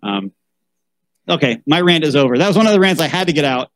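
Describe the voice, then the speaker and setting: A man's voice: fairly high pitch, sing-song, fast, no echo, low-quality recording. A man reading a children's Bible story aloud, breaking off for wry asides and a rant about how such books should be chosen. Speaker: podcast host.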